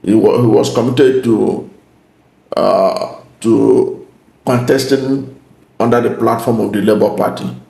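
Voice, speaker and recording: Gravelly man giving political commentary. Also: medium pitch, fairly even intonation, warm tone. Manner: deliberate and emphatic, repeating key points. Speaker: channel host. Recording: roomy echo.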